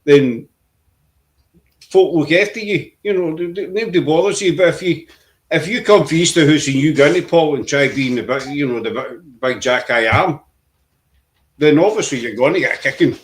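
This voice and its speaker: A man from Glasgow with a Glaswegian Scottish accent, a podcast guest in casual chat who tells rambling stories with lively swings in pitch. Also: moderate pace. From Glasgow, Scotland.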